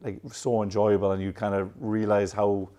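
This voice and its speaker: In a relaxed interview chat, a guest who is a professional golfer from Ireland, a man in his thirties, talks in a wandering style full of self-corrections. His Irish accent has drifted a bit toward American, and his voice is fairly low, warm, mellow and never sharp. He speaks at a moderate pace with little pitch movement.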